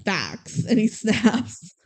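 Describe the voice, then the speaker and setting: Young woman podcast co-host, lively recap, mellow tone, quotes characters as she goes. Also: medium pitch, normal speed. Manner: animated retelling, acts out lines. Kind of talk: casual movie recap chat.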